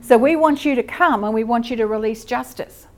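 An Australian woman teaches at a church session in a sermon style, speaking conversationally with fillers and self-corrections. Her voice sits on the high side, moves fairly quickly, and has a darkish tone.

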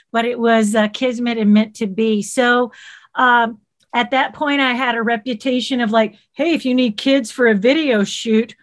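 A middle-aged woman with a Southern US accent, telling stories in a casual interview and acting out the people she quotes. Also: fairly high pitch. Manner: lively, animated, acts out quoted voices. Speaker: guest, children's TV creator.

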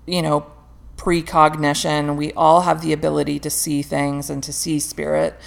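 Frank, gravelly-voiced woman guest. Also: low-pitched, flat delivery, normal speed. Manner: candid, laughing, swears freely. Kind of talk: casual podcast chat.

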